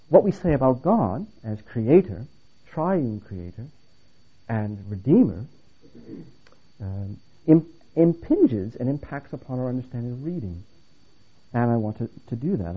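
Male lecturer, earnest and emphatic, lively delivery, thin phone-like recording. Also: mid-range voice, husky. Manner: earnest, emphatic, with restarts and dry humor. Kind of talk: theology lecture. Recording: phone-like narrow band.

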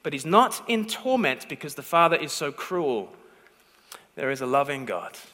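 A man preaching a sermon with a high, bright, forceful voice. He tells a story emphatically and keeps pausing to check that his listeners are following. His words ring out with a long reverb from the hall. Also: sing-song. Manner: emphatic storytelling, repeated "okay?" check-ins.

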